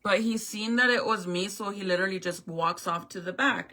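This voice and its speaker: A woman's voice: mid-range voice, steady tone, normal speed, few pauses, bright, forceful tone. A woman telling a storytime in a casual vlog rant, swearing and acting out both sides of the talk. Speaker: vlogger.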